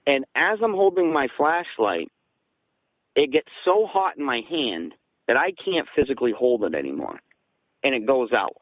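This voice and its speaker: Guest storyteller, man from southeastern Massachusetts, mid-pitched, dry close sound, animated. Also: normal speed, dry recording, poor audio. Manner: excited, gets louder and higher when quoting. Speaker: guest recounting an encounter. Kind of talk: casual storytelling.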